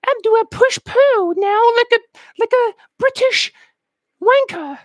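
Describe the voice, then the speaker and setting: Guy putting on a squeaky smug british pickup dude, prissy sing-song, dry sound. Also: unhurried, no room sound. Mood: mocking.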